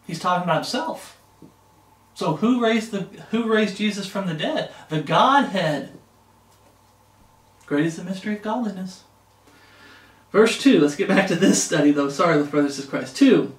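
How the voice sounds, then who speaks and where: A man preaches through a Bible passage in a high, insistent voice. He repeats himself and keeps asking "okay?" His voice is picked up from some way off and rings around a reverberant room. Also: expressive, moderate pace, distant mic. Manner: emphatic, repeats words, frequent "okay?". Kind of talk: Bible study sermon.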